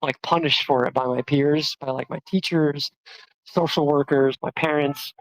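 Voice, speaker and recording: A trans woman, telling a personal story in a casual, chatty way, full of "like" fillers, with quotes acted out in a higher voice. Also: fairly even intonation, moderate pace, no room sound, poor audio. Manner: chatty, many "like" fillers, acts out quotes with jumps in pitch. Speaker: storyteller, activist.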